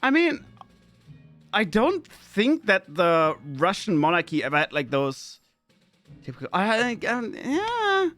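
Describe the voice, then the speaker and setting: A man's voice: sits high, huge pitch swings, takes it slowly, a bit bright, soft background music. A man, streaming a game in chatty commentary, often laughing and reading game text aloud. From Austria. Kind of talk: gameplay commentary.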